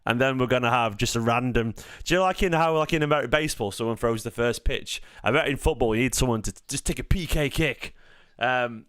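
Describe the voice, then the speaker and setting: Rambling Mancunian man, smooth voice. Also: mid-range voice, fast, hardly any pauses, fairly bright tone, no echo. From Manchester, England. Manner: rambling, jokey, sweary. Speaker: fan channel host. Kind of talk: casual live-stream chat.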